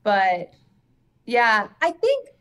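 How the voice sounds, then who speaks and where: A woman's voice: a little high, huge pitch swings, drawn-out words, a bit bright, clear, resonant tone. Woman, Canadian accent, podcast guest, cheerful, laughs easily. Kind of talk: casual chat interview.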